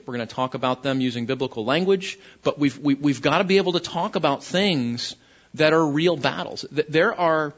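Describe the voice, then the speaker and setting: A man's voice: fairly high pitch, a bit bright, highs cut off. A man pastor preaching a conversational sermon, often restarting his phrases.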